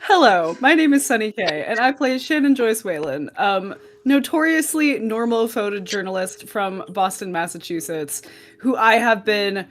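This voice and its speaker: A woman's voice: medium pitch, lively intonation, moderate pace, faint music behind. Wry, teasing woman player. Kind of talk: casual chat.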